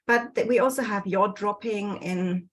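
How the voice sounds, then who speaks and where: A woman presenting research in an online lecture over a video call, pausing often with ums and correcting herself. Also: mid-range voice, fairly bright tone, slight background noise. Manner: hesitant, many ums and self-corrections. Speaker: guest speaker presenting research.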